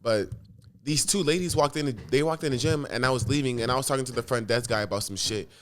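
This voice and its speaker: A young male vlogger rambles through a personal story, talking quickly in a mid-range, fairly bright voice. He swears often and hops restlessly from one thought to the next.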